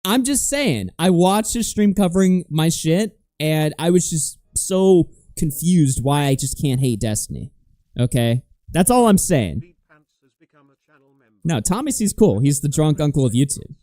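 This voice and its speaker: A man's voice: fairly high pitch, big pitch swings, unhurried, warm tone, no room sound. A man hosting a livestream, ranting with heavy swearing and reading out viewer donations in a casual style. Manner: profane, heated ranting. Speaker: livestream host.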